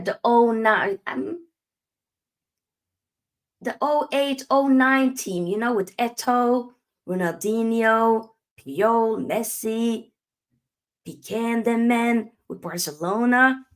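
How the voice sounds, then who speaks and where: Animated woman ranting about football. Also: on the high side, slow. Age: young adult. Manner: emphatic, exasperated ranting with rhetorical questions. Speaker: football channel host. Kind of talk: live match reaction.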